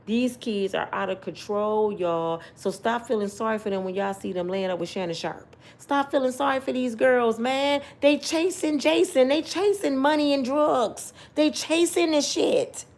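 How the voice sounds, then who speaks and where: A middle-aged woman with a somewhat high voice talks straight to her viewers in casual story-time commentary. She is blunt and preachy, scolds hard, and repeats her points for emphasis. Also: normal speed, few pauses. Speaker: vlogger giving personal opinions.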